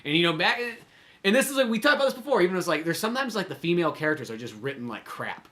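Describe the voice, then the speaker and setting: A man co-hosting a casual movie podcast, chatting at a rapid clip. His voice sits a little high and sounds bright and sharp. He rambles, swears freely and fills every pause with "like". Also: very animated. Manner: rambling and profane, heavy use of "like". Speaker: podcast co-host. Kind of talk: casual movie review chat.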